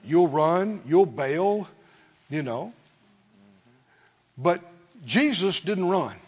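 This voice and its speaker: A man preaching a fervent sermon to his church, swinging from quiet asides to shouted praise. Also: sits high, lively intonation, extremely slow, husky, lo-fi sound. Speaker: pastor.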